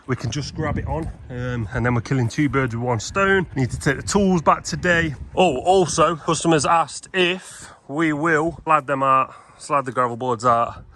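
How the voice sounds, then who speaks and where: His voice is fairly high, pushed and bright, at a moderate pace. This fencing tradesman vlogger chats casually and matter-of-factly with viewers while working outdoors at job sites and a yard, with wind noise in the recording from the windy conditions.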